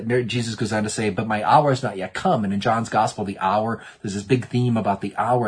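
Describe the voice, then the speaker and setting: Husky-voiced male preacher. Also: lowish voice. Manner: earnest, repeats words when restarting, acts out quotes. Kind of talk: sermon.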